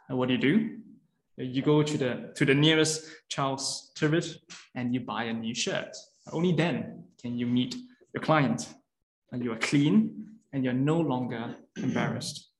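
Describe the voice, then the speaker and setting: Male preacher, mid-pitched, earnest and explanatory, recorded in a roomy hall. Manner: earnest, explanatory, with frequent fillers and restarts. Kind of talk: lunchtime sermon. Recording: echoey room.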